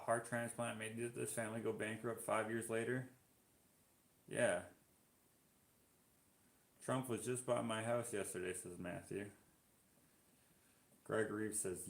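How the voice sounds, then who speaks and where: A man's voice: medium pitch, creaky. A Canadian man hosting a live stream, chatting casually as he reads out viewer comments and reacts to them. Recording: roomy echo.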